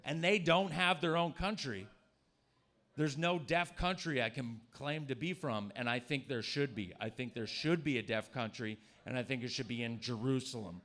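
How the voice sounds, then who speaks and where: A man's voice: medium pitch, moderate pace, a bit bright. A man doing a crude, provocative stand-up set in a comedy club. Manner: crude, provocative, jumps into mocking voices.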